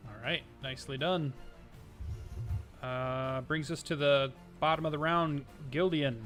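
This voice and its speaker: A man with a bright, forceful voice sits a little high in pitch as he runs a tabletop fantasy game. He narrates the battle steadily and calls each player's turn. His tone stays clear and energetic. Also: a little slow, soft background music. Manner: descriptive, calmly narrating scenes. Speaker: dungeon master.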